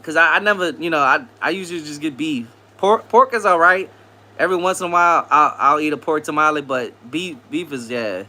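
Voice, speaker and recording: A man runs a laid-back live stream, reading out viewer comments, greeting people by name, and repeating phrases casually. His voice is fairly high and his pace brisk.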